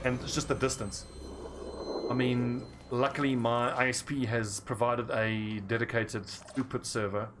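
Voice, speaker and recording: A man's voice: medium pitch, a bit bright, a little hiss or hum. A man with an English South African accent, chatting casually and rambling while he plays a game. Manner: rambling, chatty, laughs easily. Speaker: gaming streamer. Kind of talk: casual chat over gameplay.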